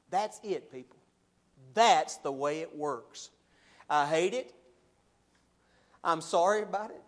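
A man preaches in a slightly high voice. He swings between loud, animated questioning and low, slow earnest points. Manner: animated, rising loud when voicing objections, dropping low and slow for solemn points. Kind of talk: sermon.

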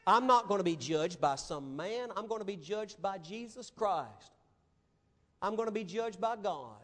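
Male pastor, high voice, emphatic dramatic preaching, long hall reverb. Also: animated, measured pace, a bit bright. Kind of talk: sermon.

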